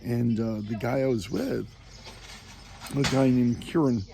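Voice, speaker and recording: A man's voice: mid-range voice, unhurried, vocal fry, background noise. A man recording a casual spoken meditation on a walking pilgrimage, rambling and hesitant with many fillers and frequent chuckles. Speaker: pilgrim vlogger.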